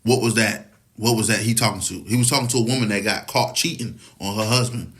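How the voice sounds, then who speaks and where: A man's voice: lowish voice, fairly even intonation, brisk, fairly bright tone. A man giving a casual, rambling opinion monologue, swearing often and asking if you follow him. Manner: profane, rambling, keeps asking "you know what I'm saying".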